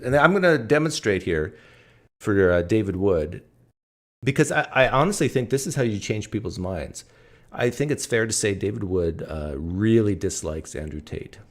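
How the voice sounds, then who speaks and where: A man hosting a live stream, giving reaction commentary in a deliberate way and slowing down to stress his points. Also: low voice. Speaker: host.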